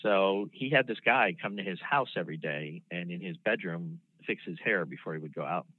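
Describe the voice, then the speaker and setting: A man in his sixties, a former prosecutor, recounting a case in a relaxed, anecdotal way with plenty of ums and restarts. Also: low voice, slightly rough, dry recording. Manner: measured, anecdotal, with frequent fillers and restarts. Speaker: former federal prosecutor, guest. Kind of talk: casual storytelling interview. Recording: dry phone-line sound.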